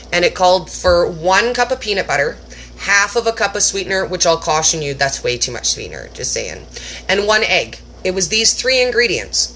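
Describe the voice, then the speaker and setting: Bright, animated woman vlogger. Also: medium pitch, a little hiss or hum. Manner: animated and self-mocking, acts out her own past reactions in exaggerated voices. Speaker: cooking vlogger. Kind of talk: casual chatty talk to camera.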